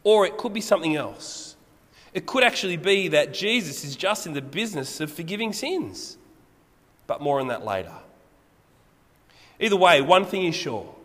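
Lively high-voiced preacher in a hall. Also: male voice. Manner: animated, explanatory, with rhetorical questions. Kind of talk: sermon. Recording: long reverb of a hall.

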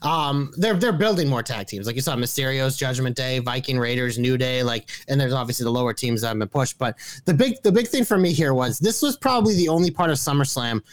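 A man's voice: mid-range voice, animated, no echo. A man co-hosting a wrestling podcast, talking in a heated, profane, argumentative way. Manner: profane, argumentative, fast rants. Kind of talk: heated casual chat.

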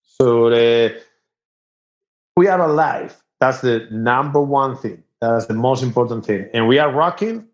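A man from Spain with a thick Spanish accent, a musician chatting casually, halting and repeating words, laughing often. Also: mid-range voice, lively intonation. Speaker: musician guest. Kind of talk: casual podcast chat. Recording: roomy, dull lo-fi recording.

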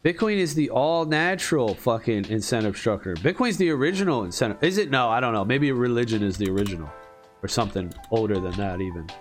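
A man's voice: medium pitch, animated, fast talker, faint music behind. A man ranting casually in a profane, rambling, emphatic way. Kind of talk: casual rant.

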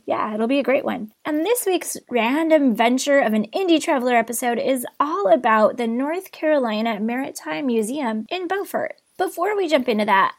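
A young woman hosting a travel podcast, talking in a bubbly, enthusiastic way. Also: fairly high pitch. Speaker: podcast host. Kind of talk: casual travel podcast narration.

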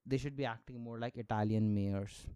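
A man's voice: medium pitch, fairly even intonation, moderate pace, warm tone, clean tone, dry recording. Sarcastic, profane young man ranting. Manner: sarcastic, profane, laughs often. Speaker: podcast host. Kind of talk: casual solo podcast rant.

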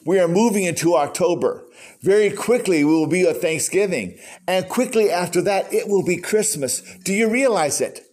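A man's voice: high-pitched, animated, normal speed, a little mellow. An older man preaching a sermon in a conversational storytelling way, acting out quotes. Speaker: pastor.

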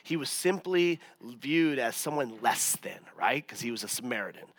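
A man's voice: medium pitch, animated, normal speed, a bit bright, no echo. A man, a pastor, preaching a sermon in a conversational, self-mocking way. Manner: conversational, self-mocking, many fillers and restarts.

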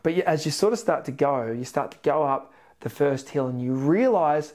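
A man with an Australian accent hosting a motivational podcast, telling stories energetically with sudden excited rises. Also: fairly high pitch, fairly quick. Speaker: podcast host, weight loss coach.

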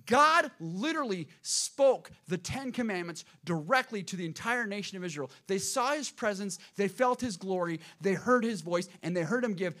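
Pastor, male, high voice, dynamic sermon delivery with loud peaks and quiet drops. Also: animated, normal speed, hardly any pauses. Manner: dynamic preaching, swings between loud emphasis and hushed lows.

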